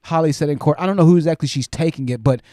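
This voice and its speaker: A man hosting a live stream, reading viewer super chats aloud and commenting in an animated, exclaiming way while he thinks aloud. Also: on the high side, racing, no echo, studio quality.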